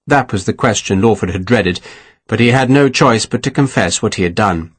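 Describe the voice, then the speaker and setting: A man reading an audiobook in an expressive storytelling manner. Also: on the low side, normal speed, slightly rough. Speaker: audiobook narrator. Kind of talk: scripted narration.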